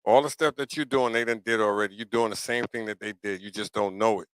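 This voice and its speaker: A man's voice: fairly low pitch, fairly even intonation, quick pace, a bit bright, smooth, dry recording, low-quality recording. A middle-aged man hosting a live talk show, talking casually and preachily to his viewers and asking "you know what I'm saying?" again and again. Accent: New York. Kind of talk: casual livestream monologue.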